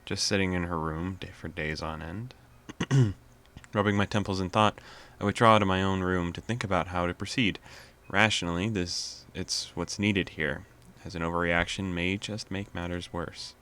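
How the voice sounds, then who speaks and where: A man's voice: deep voice, fairly even intonation, moderate pace, fairly bright tone. A man hosting a let's play, casually reading a visual novel's narration aloud with amused asides.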